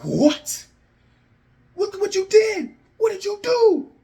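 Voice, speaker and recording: A man's voice: fairly high pitch, animated, takes it slowly. A man acting out a furious betrayed young wrestler. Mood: frantic. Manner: shouting, accusing, threatening. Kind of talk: acted-out fan storytelling.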